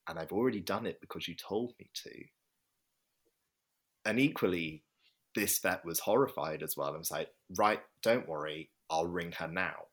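Male vet, low and husky, earnest reflective storyteller in an interview. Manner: earnest, reflective, acts out quoted voices.

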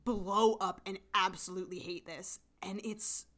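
A woman co-hosting a casual show recap podcast, animated and rambling, laughing often and full of fillers. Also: medium pitch, measured pace. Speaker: podcast co-host.

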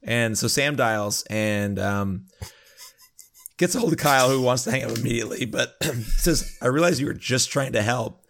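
A man's voice: medium pitch, moderate pace, fairly bright tone, slight background noise. A man recapping a TV episode from his notes in a casual chat with friends, cracking jokes along the way. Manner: plays up jokes, given to laughing. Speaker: podcast co-host.

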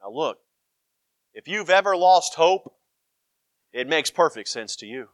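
A man preaching a sermon, emphatic and animated, swinging between loud cries and hushed asides. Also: on the high side, a little slow, no echo, clean studio sound.

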